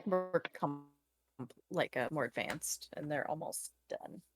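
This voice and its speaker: Hesitant woman player, low voice. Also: slow pace, over music. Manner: thinking aloud, hesitant. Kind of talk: casual chat in a tabletop game.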